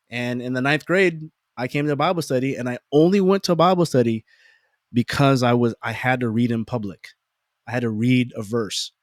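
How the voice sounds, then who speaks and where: A man's voice: medium pitch, no echo, studio quality. A man in his forties telling personal stories, often repeating words and restarting sentences, acting out his own inner thoughts. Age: 40s. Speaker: podcast guest. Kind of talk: reflective personal storytelling.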